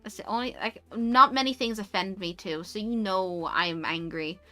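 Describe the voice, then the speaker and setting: A British woman chatting casually on a stream, animated and quick to rant, swearing freely. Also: medium pitch, soft background music. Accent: British English. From United Kingdom. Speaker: VTuber streamer. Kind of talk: casual chat.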